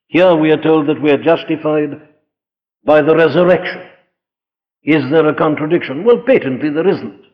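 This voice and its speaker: A man preaching a sermon with emphasis, posing rhetorical questions and answering them himself. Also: on the high side. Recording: dull lo-fi sound in a reverberant hall.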